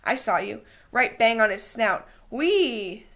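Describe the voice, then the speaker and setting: A cheerful, excitable boy full of enthusiasm, as a woman reading aloud puts him on. Bright and quick, in a plain storybook reading. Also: on the high side, voice pushed up, exaggerated voice. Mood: enthusiastic.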